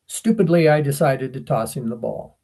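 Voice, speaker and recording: A man's voice: medium pitch, normal speed. An older man co-hosting a podcast, telling stories casually and acting out the voices of the people in them. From United States. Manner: animated, acts out quoted voices. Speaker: podcast co-host. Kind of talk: casual storytelling chat.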